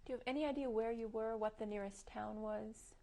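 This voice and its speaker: A woman interviewer asking brief, measured questions. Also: fairly high pitch, fairly even intonation, creaky, warm tone.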